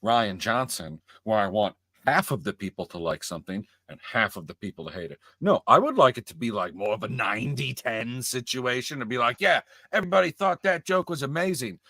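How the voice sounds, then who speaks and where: A man's voice: on the low side, a little fast, few pauses, dry recording. A man co-hosting a casual podcast chat, arguing his points with plenty of swearing. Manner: profane, argumentative, lively. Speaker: podcast co-host.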